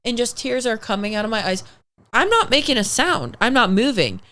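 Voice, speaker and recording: A young woman guest on a podcast, telling a story in a casual, animated way, swearing freely and acting out what people said. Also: on the high side, a little fast. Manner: animated, swears freely, acts out quoted dialogue.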